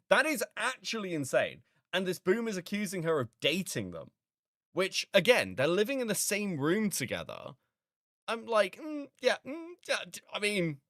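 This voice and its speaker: A man's voice: on the high side, a bit bright, no room sound, clean studio sound. A man hosting a reaction commentary, sarcastic and incredulous, swearing often. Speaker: commentary host.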